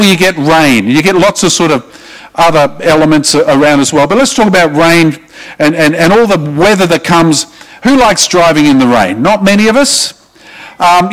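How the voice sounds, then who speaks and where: A man's voice: high-pitched, fairly bright tone, poor audio. A middle-aged man with an Australian accent, preaching a sermon to his congregation with emphatic delivery and questions to the room. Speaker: pastor.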